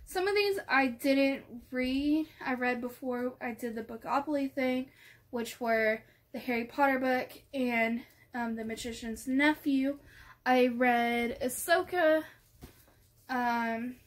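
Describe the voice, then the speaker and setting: Gushing high-voiced woman book vlogger. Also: takes it slowly. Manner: gushing, excitable, trails off into soft asides. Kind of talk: casual chat.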